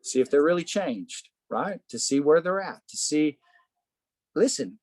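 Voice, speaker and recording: A man leading a casual Bible study, animated, asking rhetorical questions and saying "man" a lot. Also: a little high, a little slow, no room sound.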